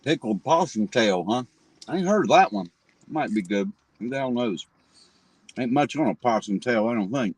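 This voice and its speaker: A man's voice: mid-range voice, animated, normal speed, breathy edge, dry recording, low-quality recording. A man hosting a live stream, joking casually with viewers and greeting them by name while he eats. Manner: eats and talks between bites. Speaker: livestream host.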